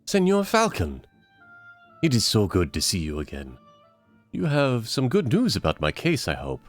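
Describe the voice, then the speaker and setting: A man voicing a smooth-talking male con man posing as a nobleman, with a theatrical fake foreign accent and courtly manner. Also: fairly low pitch, sing-song, moderate pace, soft background music. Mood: fawning.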